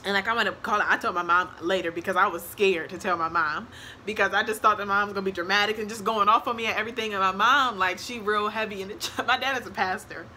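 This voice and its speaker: Young woman, casual storytime, bright and lively, acts out quotes, faint hiss. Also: medium pitch, fast talker. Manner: animated, acts out quotes, laughs often. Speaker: vlogger.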